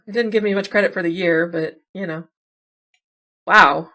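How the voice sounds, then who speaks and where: Woman, casual game commentary, lower-pitched voice, chatty and musing. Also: steady tone, moderate pace, pushed and bright. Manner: chatty, wondering aloud, self-deprecating asides. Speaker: puzzle game streamer. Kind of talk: casual think-aloud commentary.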